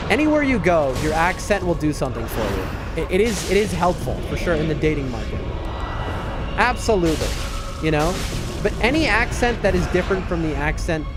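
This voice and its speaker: This American streamer in his late twenties has a high voice and an accent that shifts toward the East Coast. He chats casually and rambles while playing, answering his viewers mid-game. He's on a headset, with loud music playing behind him.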